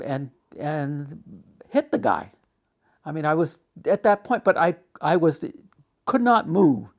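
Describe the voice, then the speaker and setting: An older man telling his life story for a documentary, halting and full of restarts. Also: a little high, very animated. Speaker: documentary interviewee. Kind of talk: personal storytelling.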